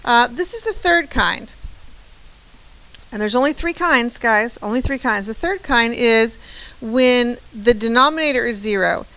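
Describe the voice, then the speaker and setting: A woman's voice: on the high side, expressive, measured pace, bright, forceful tone, low-quality recording. A woman math teacher giving a chatty, encouraging lecture, often checking in with "right?". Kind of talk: classroom lecture.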